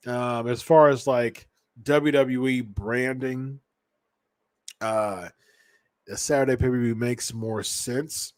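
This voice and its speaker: A man's voice: medium pitch, a little mellow, dry recording, studio quality. A man hosting a podcast, chatting casually about wrestling and often correcting himself mid-sentence. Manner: rambling, with frequent restarts and self-corrections. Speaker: podcast host.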